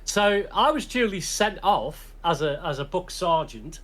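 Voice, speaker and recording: High-voiced British man telling a rambling story. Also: lively intonation, a little slow, a bit bright. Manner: chatty storyteller who laughs often and restarts sentences. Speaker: podcast host. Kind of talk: casual chat, rambling anecdote.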